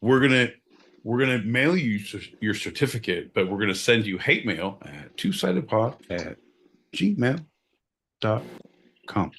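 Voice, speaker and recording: A man's voice: lowish voice, big pitch swings, a little slow, a bit bright, a little hiss or hum. A man co-hosting a podcast in rowdy, profane casual chat, breaking into mock-announcer bits. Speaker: podcast co-host.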